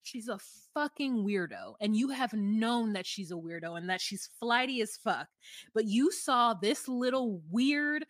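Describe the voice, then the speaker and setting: A woman's voice: on the high side, a bit bright, dry recording, studio quality. A woman co-hosting a casual recap podcast, blunt and profane, mocking the people she talks about and acting out rants. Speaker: podcast co-host.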